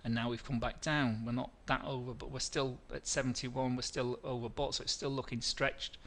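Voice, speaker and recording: At normal speed and in a level tone, a middle-aged man hosts a live trading webinar with a bright, forceful, mid-pitched voice. He drifts through charts, often restarting phrases and replying to viewer questions as they come.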